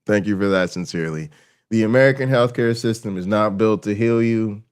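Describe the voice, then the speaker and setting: A man hosts a casual reaction livestream in a profane, animated style. His delivery swings from low, quiet murmurs to fast, excited rants. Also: clear, resonant tone. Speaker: streamer host.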